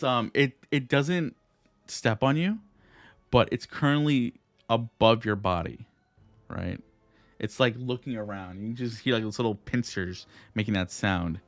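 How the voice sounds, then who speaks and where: Halting low-voiced male game master. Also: dry recording. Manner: halting, full of fillers and tag questions. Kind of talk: narrating a tabletop game. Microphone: streaming setup.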